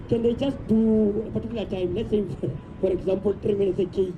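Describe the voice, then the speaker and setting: A woman's voice: medium pitch, fairly even intonation, fairly quick, hardly any pauses. A woman commentating on a race, asking her co-commentator questions and making formal announcements to the audience. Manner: puts questions to co-commentator, formal sponsor reads. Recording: muffled, loud background noise outdoors.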